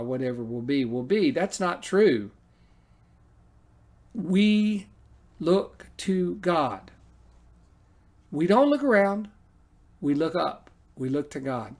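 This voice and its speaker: Emphatic preacher man, higher voice. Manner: emphatic, rising to loud peaks then dropping soft; slows down on key phrases. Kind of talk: sermon.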